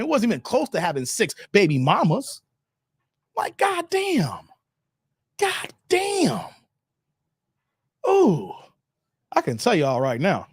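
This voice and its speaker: A man's voice: high voice, fairly bright tone, husky, no echo, clean studio sound. A man hosting a livestream, reacting to videos with blunt, profane, emphatic rants and reading out chat messages. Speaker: live-stream commentary host.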